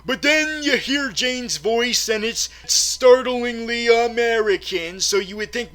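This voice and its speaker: Chatty high-voiced man reviewing a film. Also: expressive, slow pace, few pauses, sharp tone. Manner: chatty, stumbling restarts and self-corrections. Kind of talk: casual movie review chat.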